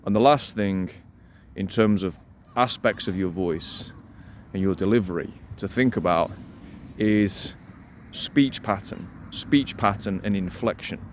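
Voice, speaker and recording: Guy coaching in a lowish resonant voice, energetic, repeats stuff for emphasis. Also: slight background noise. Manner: deliberately slows and lowers voice to demonstrate. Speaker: dating coach. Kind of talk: instructional talk to camera.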